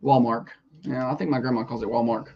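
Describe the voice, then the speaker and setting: A man's voice: medium pitch, fairly even intonation, fast talker, dull audio. A man hosting a morning radio show, joking and rambling easily in casual banter.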